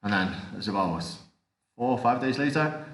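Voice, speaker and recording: A man, a martial artist and actor, telling animated anecdotes as an interview guest. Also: medium pitch, brisk. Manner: animated anecdotes, acts out quoted voices. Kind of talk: casual interview storytelling. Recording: roomy echo.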